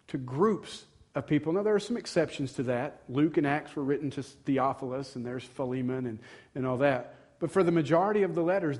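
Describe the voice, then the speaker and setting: Male preacher, emphatic sermon delivery, voice on the high side. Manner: earnest preaching, building to emphatic louder passages. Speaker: pastor.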